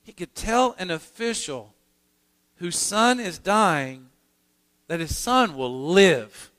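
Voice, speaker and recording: A man's voice: high voice, expressive, takes it slowly, fairly bright tone. A male pastor preaching a sermon, earnest and emphatic, often restarting his phrases. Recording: long hall reverb in a sanctuary.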